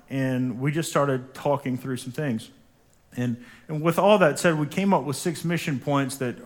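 An emphatic pastor preaching to his congregation in a church. His voice sits at a middling pitch, and he calls out for the people to repeat lines after him. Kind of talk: sermon. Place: church sanctuary.

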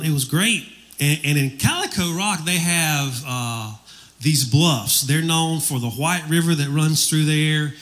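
A man's voice: fairly high pitch, a bit bright. A middle-aged man preaching a sermon as pastor, telling a folksy story with fillers.

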